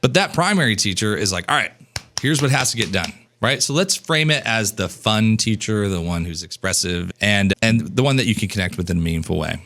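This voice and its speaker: A man in his thirties teaching business coaching in an energetic, casual way, acting out snippets of dialogue and swearing now and then. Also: fairly quick, hardly any pauses. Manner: animated, acts out dialogue in a higher voice, casual swearing.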